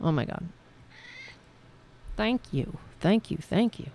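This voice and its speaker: A woman hosting a live-streamed show, chatting in a rambling, halting way, laughing and thanking viewers. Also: fairly low pitch, expressive, a little mellow. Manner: rambling, halting, laughs often, talks to her cats. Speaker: podcast host reading viewer comments. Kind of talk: casual live-stream chat.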